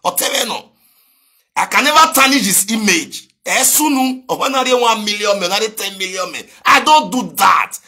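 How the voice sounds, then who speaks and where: A man with a husky voice delivering a direct video message, switching between pleading and heated shouting. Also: high voice, lively intonation, moderate pace. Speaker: speaker addressing a rival.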